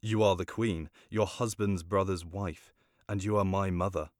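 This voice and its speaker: A man's voice: sits low, steady tone, normal speed, no room sound, clean studio sound, lightly acted. A man doing a bitter accusing young prince. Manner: sharp, reproachful delivery. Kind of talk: storybook reading.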